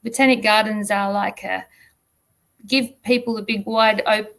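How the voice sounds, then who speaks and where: A woman's voice: mid-range voice, steady tone, a little slow, creaky, a bit bright. A woman who curates a botanic garden, inviting people to join in, friendly with some hesitation. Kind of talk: casual advice.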